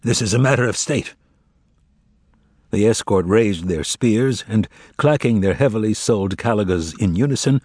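A man giving a measured, dramatic audiobook narration of a novel. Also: lowish voice, a little mellow, slightly rough, no echo, clean studio sound. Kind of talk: scripted literary narration.

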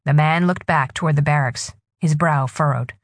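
A woman narrating a novel in a husky voice with expressive storytelling. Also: low voice, normal speed, no echo, clean studio sound. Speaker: audiobook narrator. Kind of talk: scripted narration.

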